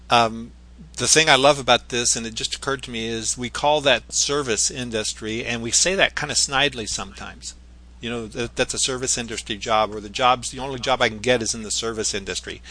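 A man with a bright, sharp-edged voice speaks in a relaxed chat. He sounds thoughtful and halting, often pausing on fillers before making his point. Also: mid-range voice. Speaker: podcast guest. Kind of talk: casual chat.

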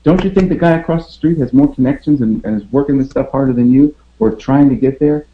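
A man's voice: medium pitch, fast talker. A man with a mid-range voice gives an emphatic motivational pep talk. He keeps firing rhetorical questions at his listeners and stammers over repeated words. The audio is slightly dull and lo-fi. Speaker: podcast host.

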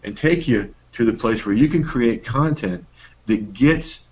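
A man's voice: medium pitch, expressive, unhurried, a little mellow, husky, highs cut off. A middle-aged man co-hosting a workshop, talking in a casual, folksy way with playful emphasis. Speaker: workshop co-host. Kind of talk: casual teaching talk.

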